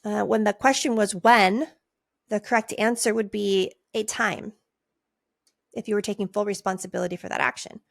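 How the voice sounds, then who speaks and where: A middle-aged woman hosting a coaching podcast, talking conversationally and acting out client replies in a higher voice. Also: steady tone, moderate pace, creaky, no room sound. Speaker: podcast host and nurse life coach. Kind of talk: casual podcast teaching. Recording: dry close mic.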